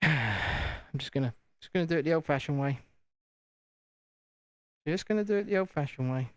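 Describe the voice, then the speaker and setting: Building as he talks, this British man hosts a laid-back home live stream, joking chattily at his own expense. His voice sits on the high side and is animated and a bit bright, at normal speed, in a dry recording.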